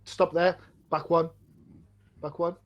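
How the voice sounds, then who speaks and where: A man's voice: a little high, flat delivery, takes it slowly, highs cut off. A man hosting a comic review show, talking in a joking, teasing way. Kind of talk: casual chat.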